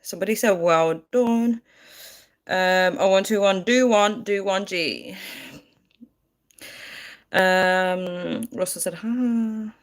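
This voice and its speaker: A woman's voice: lowish voice, slow, pauses often, clean tone. A woman chatting casually on a live stream, giggling and reading out viewer comments.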